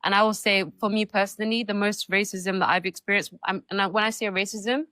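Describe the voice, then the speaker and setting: A woman from the UK on a live online panel, speaking fluently and bluntly in a measured way. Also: mid-range voice, flat delivery, pushed and bright, no room sound. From United Kingdom. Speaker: panel guest.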